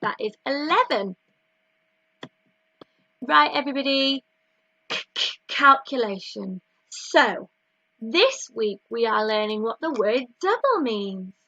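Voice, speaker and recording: A woman with a Northern English accent, teaching a slow, clear maths lesson to young children with counting chants. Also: a little high, sing-song, bright, forceful tone, dry recording, dull audio. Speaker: reception class teacher.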